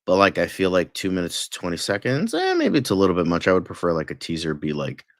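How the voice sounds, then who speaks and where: A man with a very low voice chatting on a fan podcast. He hedges and pauses, filling gaps with "um" and "like". The recording is dry, with no room sound. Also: big pitch swings, no echo. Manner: halting, hedging, filler-heavy. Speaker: podcast co-host. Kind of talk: casual fan podcast chat.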